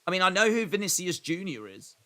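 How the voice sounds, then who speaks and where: A man hosting a live watch-along stream reads chat messages and replies in a loose, rambling, self-deprecating way. His high-pitched voice is bright and forward, and he talks fast and very animatedly.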